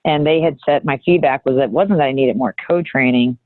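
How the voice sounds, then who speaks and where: A woman guest telling a personal story in an earnest, halting way, often restarting her sentences. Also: a bass voice, no echo. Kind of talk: candid reflective storytelling. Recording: thin phone-like audio.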